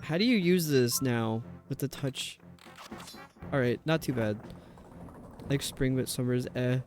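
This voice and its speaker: A man's voice: medium pitch, a little slow, darkish tone, soft background music. A male streamer chatting casually and rambling while he plays, answering his chat.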